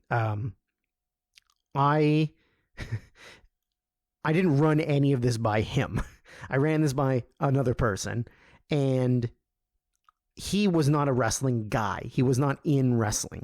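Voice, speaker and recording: A man at a middle pitch, recorded dry and close, telling a long backstage story. He rambles and swears often, and his voice lifts when he quotes others. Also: no room sound. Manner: rambling, profane, animated when quoting others. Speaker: podcast host. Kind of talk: casual storytelling.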